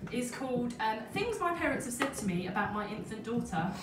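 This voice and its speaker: A woman's voice: a little high, very animated, a little fast. Chatty woman performing poetry live. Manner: chatty, self-mocking storytelling. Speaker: performance poet. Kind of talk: live spoken-word comedy. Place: stage at a live poetry night. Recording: roomy venue, distant mic, audience noise.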